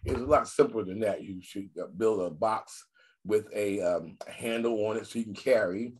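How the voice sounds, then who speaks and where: An older man appears as a guest magician on a casual video call, telling animated stories and repeating phrases for emphasis. His voice sits on the low side at a moderate pace, with a little hiss or hum.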